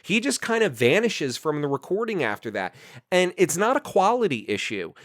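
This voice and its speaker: A man from New Jersey talks as a guest on an interview podcast, his voice sitting fairly high. He is animated and indignant and keeps dropping in "you know" and "like." The sound is dry and close. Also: moderate pace, no room sound.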